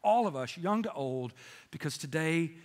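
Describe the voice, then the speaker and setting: A middle-aged male pastor delivers a sermon in a church, his voice sitting fairly high for a man. He talks in a folksy, storytelling way, with jokes along the way. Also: expressive, moderate pace, long reverb tail. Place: church sanctuary with congregation.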